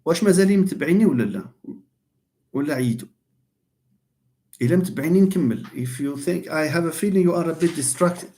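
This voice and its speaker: A man's voice: on the high side, racing, pauses often, dark tone. A man with a Moroccan accent giving a classroom lecture as a university English teacher, mixing in Arabic and French and repeating key words for emphasis.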